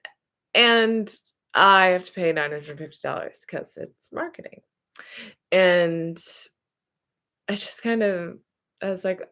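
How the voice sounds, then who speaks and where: A woman who works as a therapist is telling a story from her own life in a loose, rambling way. She talks slowly and unhurriedly, often stopping to correct herself. Her voice sits a little low for a woman. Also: pushed and bright. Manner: chatty, rambling retelling with self-corrections. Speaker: therapist and hypnotherapist. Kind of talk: casual storytelling monologue.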